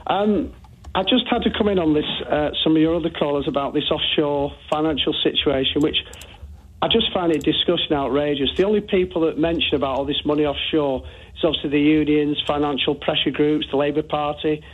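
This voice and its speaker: A man's voice: a little high, a little fast, breathy edge. A man calling into a radio phone-in, indignant and emphatic about what he is raising. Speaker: caller. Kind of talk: phone-in call. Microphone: telephone. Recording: tinny phone line.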